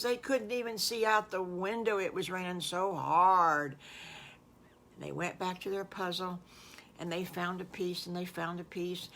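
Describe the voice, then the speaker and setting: A woman's voice: on the high side, a bit bright. An older woman telling an improvised children's story, folksy and meandering, with repetitions and exclamations. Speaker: storyteller grandmother.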